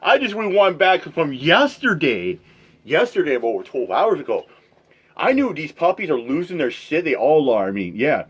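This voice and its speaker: A man's voice: on the high side, big pitch swings, normal speed, husky. A man reacting to a clip, chatting crudely and laughing at the people in it. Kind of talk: casual reaction commentary.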